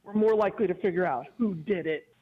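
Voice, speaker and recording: Casual radio chat from a regular guest, a man in his 50s who is agreeable and quick to laugh. He speaks in a high voice at a quick pace, heard through narrow, tinny audio.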